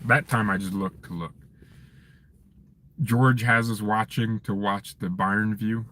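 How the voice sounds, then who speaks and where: A man hosting a fan channel live stream from his parked car, chatting casually with viewers in an animated, joking, ranting way. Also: lowish voice, takes it slowly.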